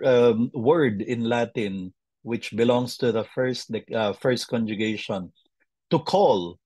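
A man from the Philippines teaches a webinar lesson, working through verb conjugations one form at a time. He speaks unhurriedly, with a slightly husky voice. The sound is dry and close, as if he is on a video call. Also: mid-range voice, a little mellow, no echo. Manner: slow, patient drilling of conjugations.

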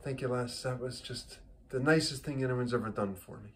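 A meek, grateful Irishman answering softly and earnestly, as the teller puts him on in a joke. His voice stays in an ordinary middle register. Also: medium pitch, a little fast, slight background noise, close to an everyday voice. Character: grateful, innocent man on a beach.

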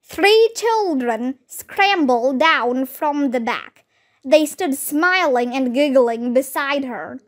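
A woman narrating a children's book aloud with steady, clear storytelling. Her voice is high and her pace slow and careful.

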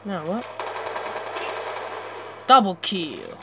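Excitable young gamer, slow and noisy. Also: male voice, sits high. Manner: excitable, sudden yelps and exclamations, chatty asides. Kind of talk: live gameplay commentary. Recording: clear background noise.

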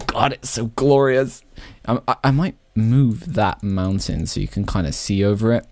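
A man casually commentating his own Minecraft play, excitable and laughing often. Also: fairly low pitch, measured pace, dry recording. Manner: excitable, laughs often, shrieks when startled. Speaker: Minecraft YouTuber.

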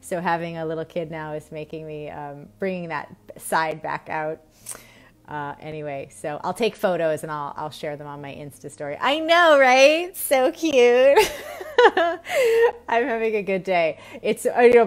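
Thirtyish woman chatting on a live stream, lowish voice, rambly and giggly, lots of ums. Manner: chatty and bubbly, rambling with fillers and frequent laughs. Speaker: host of a weekly live stream on women's health. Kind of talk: casual live-stream chat.

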